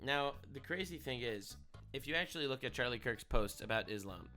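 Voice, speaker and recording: Sarcastic, bright-voiced male commentator. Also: mid-range voice, lively intonation, brisk, faint music behind. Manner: sarcastic and indignant, repeats phrases. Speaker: online commentator. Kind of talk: casual reaction commentary.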